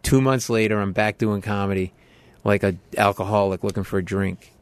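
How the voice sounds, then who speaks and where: A comedian being interviewed, telling stories in an animated way and jumping up in pitch when he quotes other people. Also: fairly quick, clear, resonant tone, no echo. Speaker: comedian guest. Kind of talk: storytelling in a podcast interview.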